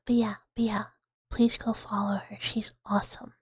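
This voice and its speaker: A young adult woman streamer in a whispered ASMR chat, rambling playfully in soft unvoiced whispers and giggling. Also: medium pitch, level tone, normal speed, slightly rough, no room sound.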